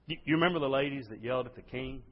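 A man preaching a sermon, swinging between hushed, intimate lines and loud, impassioned outbursts. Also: medium pitch, very fast, breathy edge. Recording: dull sound with long hall reverb.

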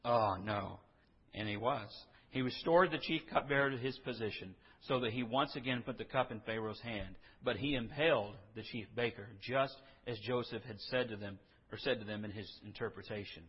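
A man's voice: medium pitch, fairly quick, slightly rough. A man preaching a sermon in a conversational storytelling way, with asides and humor. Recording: dull recording in a reverberant hall.

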